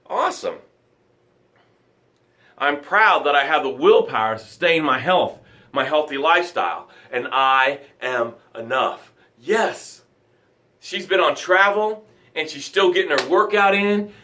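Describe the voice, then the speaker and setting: High, bright-voiced male motivational coach. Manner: emphatic, preachy, calls listeners 'tribe'; swings from loud bursts to hushed lows. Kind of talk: motivational daily broadcast.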